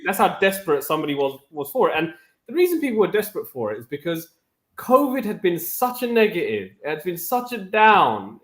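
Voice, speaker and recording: A man who tells his stories with lively energy and slips into impressions of other people. His voice sits a little high for a man, and it rings with noticeable room echo. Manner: animated storyteller, mimics others' voices. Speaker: panelist. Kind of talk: casual panel chat.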